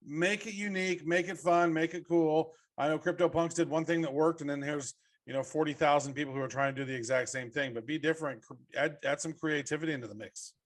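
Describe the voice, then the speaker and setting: A man's voice: fairly high pitch, fairly even intonation, fast talker. A man co-hosting a podcast, chatting casually and reacting aloud while scrolling through things. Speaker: podcast co-host. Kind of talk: casual chat.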